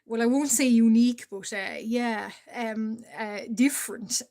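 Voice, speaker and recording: A woman's voice: fairly high pitch, takes it slowly, darkish tone. An Irish woman from Ireland chatting casually with viewers on a live stream while she draws. She is stuffy from allergies, coughs now and then, and fills her talk with "uh", small laughs and greetings.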